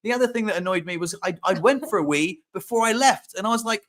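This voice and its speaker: A man co-hosting a casual chat, telling stories in an animated way and acting out his own panic. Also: high-pitched, fast talker, few pauses. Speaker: co-host.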